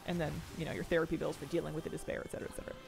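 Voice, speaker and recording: A woman's voice: deep voice, little pitch movement, racing, gravelly, music in the background. A young adult woman streaming a game, chatting casually and rambling, often breaking into laughter. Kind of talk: casual live-stream chat while gaming.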